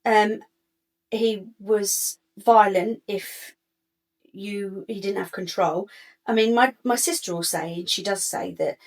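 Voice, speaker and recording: A woman's voice: medium pitch, slow pace. A woman, a guest telling her own life story candidly and acting out what others said. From England. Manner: animated, acts out other people's lines.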